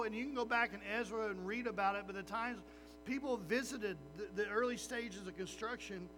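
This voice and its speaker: A man preaching a sermon as a pastor, animated and acting out little voices of his listeners. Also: sits high, noisy background.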